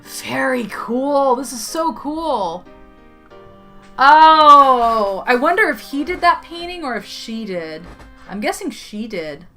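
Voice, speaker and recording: A woman's voice: high voice, animated, slow, pushed and bright, soft background music. A young woman commenting enthusiastically as she plays a game. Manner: enthusiastic, gushing. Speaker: game video creator. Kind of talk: let's play commentary.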